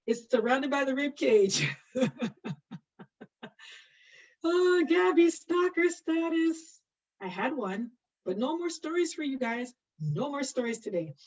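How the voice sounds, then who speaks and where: A middle-aged woman teaching an online nursing anatomy class, chatty and laughing often as she answers students by name. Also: a little high. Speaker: nursing instructor. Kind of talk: live online anatomy lecture. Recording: distant, dull lo-fi mic.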